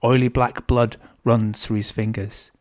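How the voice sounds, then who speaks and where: An author reading his own novel aloud in a steady, measured narrating voice. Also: mid-range voice.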